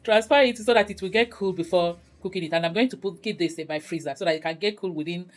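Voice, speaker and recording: Low-voiced woman teaching a cooking recipe. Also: fast talker, poor audio. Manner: chatty, laughs often, talks viewers through each step. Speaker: cooking channel host. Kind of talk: casual cooking tutorial narration.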